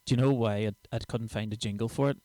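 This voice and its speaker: A man's voice: medium pitch, steady tone, quick pace, over music. A man, a comedian chatting casually and sweary on his own livestream show. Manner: chatty, sweary, self-mocking. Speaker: comedian and podcast host.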